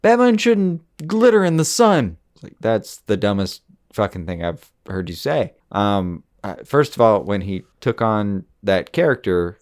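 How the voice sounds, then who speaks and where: A man co-hosting a podcast, talking casually and rambling with lots of fillers and the odd swear word. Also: low voice. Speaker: podcast co-host.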